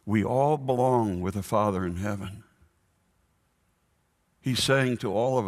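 A man preaching a sermon in a church, slow and earnest, stressing his points through repetition. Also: mid-range voice, animated, long reverb tail. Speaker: pastor.

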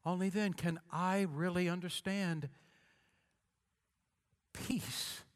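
A pastor preaching a sermon with a preacher's cadence, repeating lines and calling on the congregation to answer. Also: male voice, sits high, lively intonation, measured pace, a bit bright. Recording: long hall reverb.

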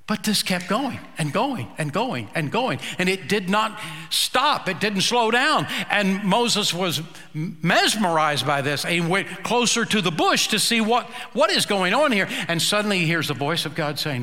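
A male pastor preaching a sermon, slow and emphatic, with dramatic pauses. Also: sits high, big pitch swings, sharp tone, in a large hall.

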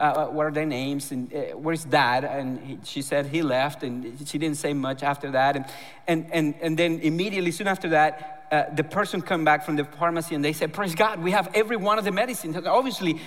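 A man preaching a sermon as a pastor, telling a story with a voice that drops to a hush and rises with fervor. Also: high voice, long reverb tail. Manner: storytelling, shifting from hushed to fervent. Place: church auditorium.

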